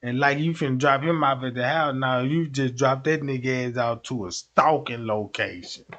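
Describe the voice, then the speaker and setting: A man livestreams casual stories in heavy street slang, animatedly acting out the voices of the people in them. He has a mid-range voice at normal speed, with lo-fi sound.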